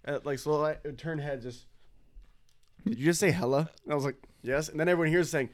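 A man's voice: a little high, very fast. Easygoing young man from NorCal. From Northern California. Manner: easygoing storyteller, laughs between lines. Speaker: conversation participant. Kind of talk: casual chat.

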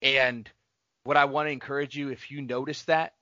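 A man co-hosts a casual faith-based podcast, his voice bright and forceful. He speaks earnestly and encouragingly, urging listeners on. The sound is dry and a bit dull, like a lo-fi podcast mic. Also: medium pitch, little pitch movement, normal speed, no room sound. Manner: earnest, encouraging, sign-off announcements. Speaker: podcast co-host.

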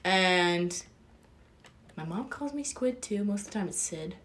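A woman's voice: lowish voice, animated, unhurried, a bit bright, a little hiss or hum. A young woman co-hosting a podcast, laid-back and matter-of-fact in casual chat. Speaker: podcast co-host.

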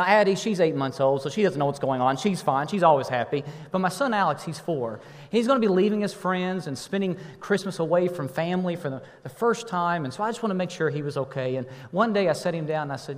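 A man's voice: high voice, big-room sound. A man in his thirties preaching a sermon as pastor, telling family stories and playfully getting the congregation to respond. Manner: warm storytelling, playful with the congregation. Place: church sanctuary.

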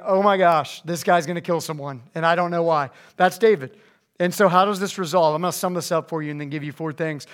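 High, animated man preaching to teens. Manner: animated, joking, acts out quotes with big pitch jumps. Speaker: youth pastor. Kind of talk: energetic sermon to teens.

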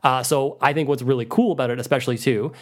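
A man's voice: mid-range voice, fairly even intonation, quick pace. A man co-hosting a podcast, chatting eagerly about guitar tones and bands, laughing easily. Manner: enthusiastic guitar nerd, easy laughs. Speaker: podcast co-host. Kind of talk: casual music discussion.

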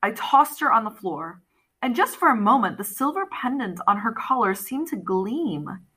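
A woman narrating an audiobook in the first person, with lively, expressive storytelling. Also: fairly high pitch, moderate pace, breathy edge.

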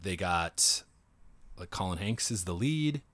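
A man in a casual conversation, a comedian and voice director telling animated stories and acting out quotes in a raised voice. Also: low-pitched, slow, dry recording. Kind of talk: casual chat.

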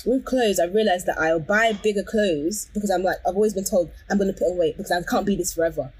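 Casting: woman co-host, husky, rapid-fire, animated and slangy. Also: mid-range voice. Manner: animated, quick, exclamatory, says "bro". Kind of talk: casual chat.

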